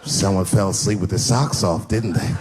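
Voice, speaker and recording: A middle-aged man doing stand-up comedy storytelling on stage, acting out characters and jumping into high shouts. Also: fairly even intonation, normal speed. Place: large venue on stage. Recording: live stand-up with laughing crowd and noise.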